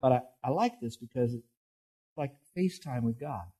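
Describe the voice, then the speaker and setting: A man's voice: medium pitch, lively intonation, normal speed, warm tone, breathy edge. A middle-aged male pastor preaching a folksy, anecdote-filled sermon, often restarting his words.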